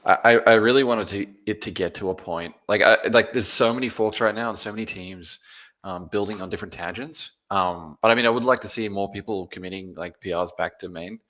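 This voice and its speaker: A man's voice: lowish voice, fairly quick, fairly bright tone. A man and open-source framework contributor talking earnestly on a group call, rambling with many fillers.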